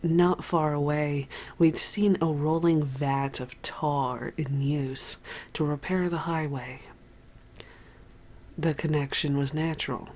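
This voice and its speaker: An audiobook narrator reading a memoir in an unhurried storytelling manner. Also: medium pitch, a little mellow.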